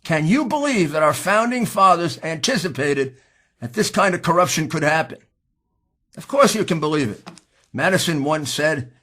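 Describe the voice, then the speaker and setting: A man with a husky voice giving an impassioned, combative political speech, pushing hard on key words. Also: fairly high pitch, lively intonation, normal speed. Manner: emphatic, combative, rising to shouts. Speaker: speaker at a political hearing.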